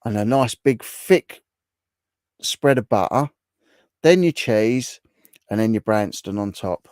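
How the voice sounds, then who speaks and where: A man's voice: lowish voice, expressive, slow pace, a little mellow, no room sound, clean studio sound. A middle-aged man hosting a casual livestream and chatting back to viewers' comments. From England. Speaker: livestream host. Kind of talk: casual live chat.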